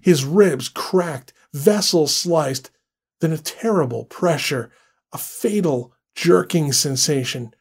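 Slow, deliberate male horror storyteller. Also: a little high, breathy edge. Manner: measured and deliberate. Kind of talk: dramatic horror narration.

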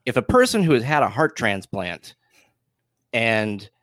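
A man's voice: medium pitch, huge pitch swings, measured pace, fairly bright tone, no room sound, clean studio sound. Frank man in casual podcast chat. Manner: frank, conversational. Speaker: podcast co-host.

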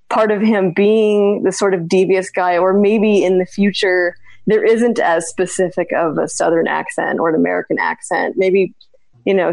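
A woman's voice: lowish voice, gravelly, darkish tone, no echo, low-quality recording. Hesitant woman caller on a live show. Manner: hesitant, searching for words. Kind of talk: casual call-in chat.

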